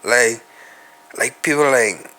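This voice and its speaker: An Australian man talks unhurried in a rambling solo monologue, musing aloud and dropping casual swearwords. His voice sits in a middle register with a bright, slightly tense edge. He speaks straight to the viewer as though chatting one on one. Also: medium pitch. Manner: musing, profane, addresses viewers directly. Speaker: podcast host.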